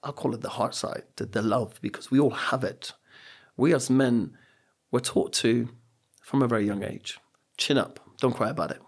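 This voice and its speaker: A middle-aged British man speaks on a podcast in a gravelly, husky voice, earnest and reflective. He tells personal stories and drives his points home with repeated phrases. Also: medium pitch, steady tone, normal speed. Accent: British English. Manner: earnest, storytelling, emphatic repetitions. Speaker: podcast guest.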